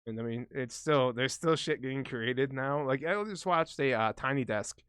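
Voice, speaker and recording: Guy rambling on a podcast, swears a lot, jokey, kinda high voice for a big dude, dry close sound. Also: moderate pace, fairly bright tone, smooth, no room sound. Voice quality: high voice for a big man, says smoking affected it. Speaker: podcast co-host. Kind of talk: casual chat.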